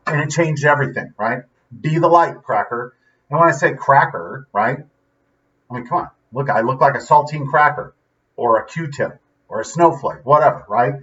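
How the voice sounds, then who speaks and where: A man's voice: a little high, a bit bright. A man hosting a vlog, talking earnestly and in a rambling, casual way, often tagging his sentences with "right?". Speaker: vlog host. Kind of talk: casual motivational talk. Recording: dull audio from a distance.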